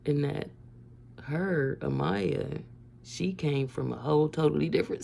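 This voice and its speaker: A middle-aged woman from Ohio telling a family story to camera in a casual, animated way, swearing freely and often breaking into laughter. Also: sits low, a little slow, creaky. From Ohio, USA.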